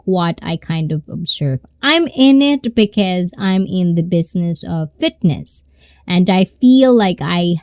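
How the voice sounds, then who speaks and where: Slow, low-voiced woman streamer. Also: darkish tone, dry recording. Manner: rambling, conversational. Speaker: fitness live streamer. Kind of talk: casual live-stream chat.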